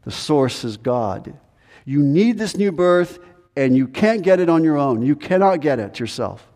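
Male pastor, mellow voice pitched a bit high, emphatic preaching, long hall echo. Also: very animated. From United States. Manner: emphatic, repetitive preaching with dramatic pauses. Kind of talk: sermon.

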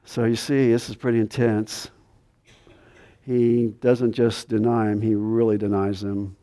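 A man preaching an expository sermon, pressing his points with emphasis and then dropping to a quiet, intense delivery. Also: fairly low pitch, little pitch movement, measured pace. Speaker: pastor. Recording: long hall reverb.

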